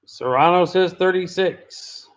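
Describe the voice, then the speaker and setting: A man running a live online charity auction, calling and repeating bids briskly. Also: high-pitched. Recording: dull lo-fi stream audio.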